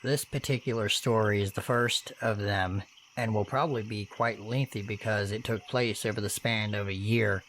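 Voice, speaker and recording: A man narrating true horror stories in first person, with steady, earnest delivery and casual swearing. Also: on the low side, moderate pace, a little hiss or hum.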